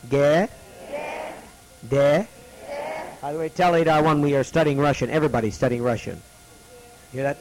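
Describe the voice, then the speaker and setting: A man teaching a classroom lesson, slowly repeating each letter's sound for students to copy. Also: mid-range voice, poor audio.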